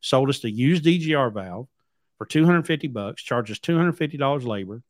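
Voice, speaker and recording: Here a trucking company owner hosting his podcast tells a drawn-out story in a blunt, rambling way, circling back over the same words. His mid-range voice is expressive and fairly quick, and the studio sound is clean with no room noise.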